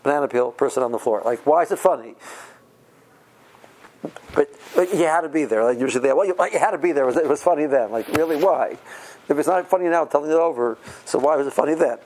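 A man's voice: on the high side, quick pace, darkish tone, slight background noise, poor audio. A man teaching an informal Torah lecture, conversational and full of rhetorical questions, with Hebrew terms mixed in. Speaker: rabbi teaching Torah class.

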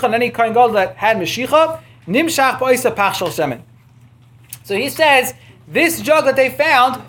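A man teaches a text-based Torah class, working through printed sources, reading Hebrew quotes and translating them with frequent restarts. His voice sits high and sounds a bit bright.

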